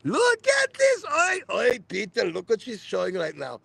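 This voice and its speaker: A man putting on the voice of his excitable, hysterical mother, shrieking loud exclamations. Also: high voice, unhurried, vocal fry, breathy edge, no room sound, voice pushed up, heavily acted.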